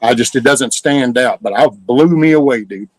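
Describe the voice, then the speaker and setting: A man's voice: mid-range voice, normal speed, dry recording, poor audio. A middle-aged man, ranting casually and profanely as host of a live stream. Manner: profane, heated storytelling.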